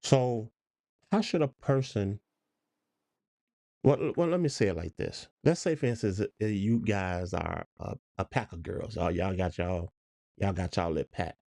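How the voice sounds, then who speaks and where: Low, mellow-voiced man chatting on a podcast. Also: measured pace, vocal fry, no echo, studio quality. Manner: relaxed, questioning, reads out listener comments. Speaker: podcast co-host. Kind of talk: casual chat.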